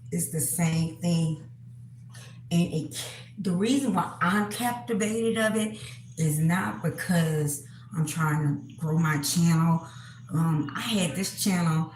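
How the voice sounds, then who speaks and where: Slow, halting woman in echoey room. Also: on the low side, a little mellow, a little hiss or hum. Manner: halting, many pauses and fillers, clears throat often. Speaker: spiritual reader, channel host. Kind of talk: casual monologue to camera.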